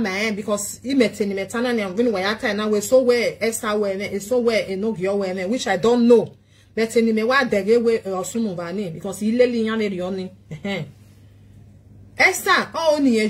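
Husky Nigerian woman pleading. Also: a little high. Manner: pleading, repeats short questions. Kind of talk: casual pleading monologue.

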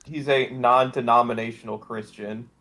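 A young man with an ordinary mid-range voice chats on a podcast. He makes quick, blunt, sardonic asides. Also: mid-range voice, steady tone, bright, forceful tone. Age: young adult. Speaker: podcast co-host. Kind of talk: casual chat.

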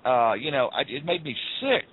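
Very animated and a little fast, the man's mid-range voice carries his earnest personal story to a call-in radio show. He's from the southern United States, repeats phrases for emphasis, and quotes people in raised voices; the tinny phone line adds a bit of hiss or hum.

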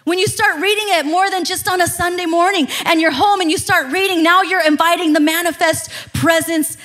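A woman pastor in her thirties preaching a sermon in an animated, conversational way, laughing often. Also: very high-pitched, a little fast.

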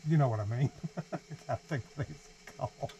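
A man's voice: medium pitch, a little slow, dark tone, slight background noise, poor audio. A young man, reading a picture book aloud to his baby in playful sing-song baby talk, inside a small caravan. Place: small holiday caravan, indoors. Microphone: 360 VR camera nearby.

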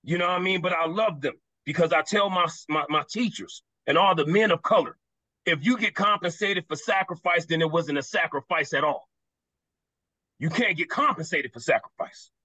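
A man speaking as a panelist on a video call, passionate and quick, repeating words for emphasis. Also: a little high, bright, forceful tone, no echo, low-quality recording.

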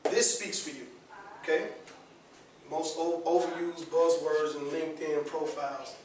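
Brief: male workshop presenter, raised voice, animated, keeps asking "all right?", captured from a distance in a very reverberant room. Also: a little high, measured pace, noisy background. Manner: lively, asks the audience often, repeats "all right?" and "okay?". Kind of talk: classroom workshop talk. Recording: very echoey room, voice from far off the mic.

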